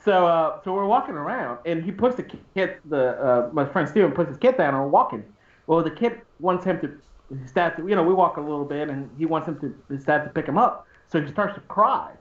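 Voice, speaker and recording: A male stream co-host tells a long, rambling story in casual chat, laughing often and restarting his sentences. His voice is a little high and expressive, and he talks a little fast. The stream audio is roomy, dull, and lo-fi.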